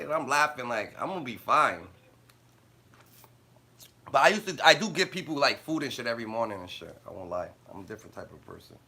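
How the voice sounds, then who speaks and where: A man's voice: mid-range voice, sharp tone. A man ranting and telling blunt, profane stories in slang on a casual live stream, laughing often as he talks. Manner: laughs often while talking. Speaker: livestreamer.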